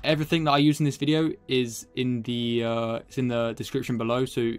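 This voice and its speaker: A man's voice: mid-range voice, little pitch movement, a little fast, smooth, soft background music. A young man hosting a casual editing tutorial, rambling and chatty, a bit out of breath, calling his viewers boys. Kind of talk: casual screen-recorded tutorial.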